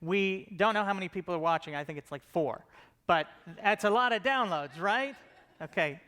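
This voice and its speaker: Bright, smooth-voiced man joking on stage. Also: high-pitched, expressive, moderate pace. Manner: joking, self-deprecating, many fillers and restarts. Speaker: comedy show creator giving a conference talk. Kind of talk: casual comedic talk to a live audience.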